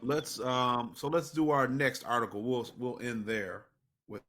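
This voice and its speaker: A man co-hosting a casual political talk show, with a middle pitch. He reads news items at a measured pace and drops in wry remarks between them. The recording is dry and close. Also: fairly bright tone, dry recording. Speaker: podcast co-host. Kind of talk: casual political chat, reading news aloud.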